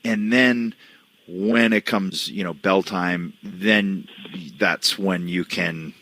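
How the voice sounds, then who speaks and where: A middle-aged man co-hosting a casual podcast chat, speaking in a measured, thoughtful way. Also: low voice, steady tone, bright, forceful tone, no echo. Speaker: co-host.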